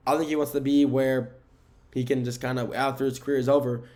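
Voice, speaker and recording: Man, solo sports podcast host, mid pitch, casual and rambling, self-correcting, recorded indoors. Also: little pitch movement, brisk, a little mellow. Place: indoor room with window blinds.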